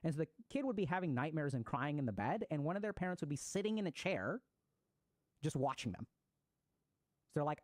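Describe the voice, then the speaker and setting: Fast-talking man explaining psychology. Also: a little high, very animated, dry recording. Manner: fast, conversational, acts out example voices. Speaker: psychiatrist giving a talk.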